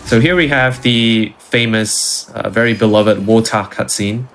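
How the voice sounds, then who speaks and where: A man's voice: fairly low pitch, fairly even intonation, measured pace, a bit bright. A man explaining his speedrun route in an easygoing, casual way as he plays. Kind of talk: casual gameplay commentary.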